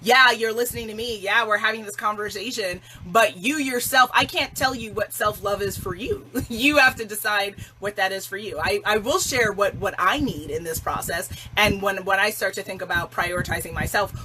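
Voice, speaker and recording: A woman's voice: mid-range voice, pushed and bright, slight background noise, poor audio. A woman hosting a self-love livestream challenge, speaking casually and emphatically, often laughing. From Jamaican family.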